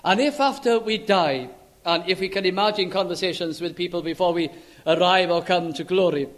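A man preaching a sermon in an earnest, emphatic way, stretching key words and letting his voice sink low and soft at the ends of phrases. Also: moderate pace.

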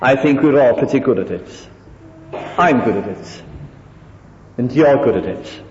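A man preaching a sermon, lively and emphatic, often dropping his voice to mock a falsely humble tone. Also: mid-range voice, measured pace, a little hiss or hum. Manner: animated, drops to mimicking soft humble voices. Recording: echoey hall, dull lo-fi sound.

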